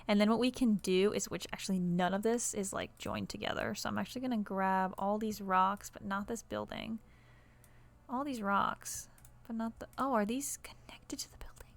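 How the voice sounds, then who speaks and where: A woman's voice: mid-range voice, creaky, darkish tone. A woman streaming a building game from her apartment, rambling casually through a desktop microphone and dropping to murmurs as she works. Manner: chatty, rambling, many "like" and "kinda" fillers, drops to murmurs while working. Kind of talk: casual live-stream commentary while building. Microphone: desktop USB microphone.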